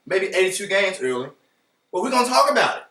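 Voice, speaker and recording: A man hosting a casual sports podcast, talking in an animated, playful way and speaking straight to his listeners. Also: high voice, fast, far from the mic, crowd noise. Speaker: podcast host. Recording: roomy echo, voice from off the mic.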